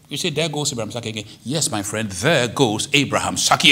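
A man preaching a sermon as a pastor, lively and digressive, with dramatic quoted lines. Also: medium pitch, quick pace, hardly any pauses, slightly rough. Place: church hall.

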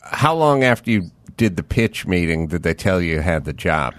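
A man's voice: low voice, very animated, normal speed, dry recording. A man hosting a podcast interview, riffing in a loose conversational way as he muses aloud. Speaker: podcast host. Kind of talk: casual interview chat.

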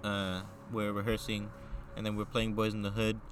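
A man's voice: fairly low pitch, completely flat delivery, moderate pace, slight background noise. Joking young man chiming in. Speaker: podcast co-host. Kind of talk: casual storytelling chat. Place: outdoors at an abandoned aqueduct at night.

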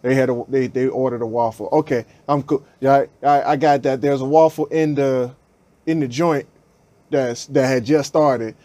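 Telling a slang-filled story on his podcast, a man livens it up by voicing people's quotes in raised tones. He speaks at a moderate pace with a medium pitch, and there's no echo.

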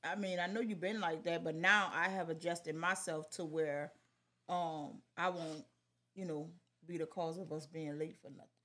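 A woman's voice: sits low, fairly even intonation, moderate pace, bright, forceful tone. A woman co-hosting a casual marriage talk with her husband, teasing and scolding him and laughing. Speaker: co-host giving marriage advice. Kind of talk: casual chat.

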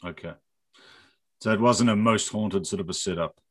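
A woman interviewer asking calm, measured questions in a conversational tone. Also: extremely low pitch, husky.

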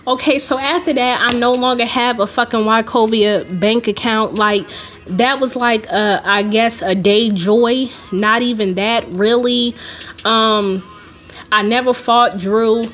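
Young adult woman, podcast host, fairly high voice, swears freely while telling a fired-up story. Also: fairly even intonation, unhurried, fairly bright tone, soft background music. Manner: profane, heated storytelling. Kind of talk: casual storytelling monologue.

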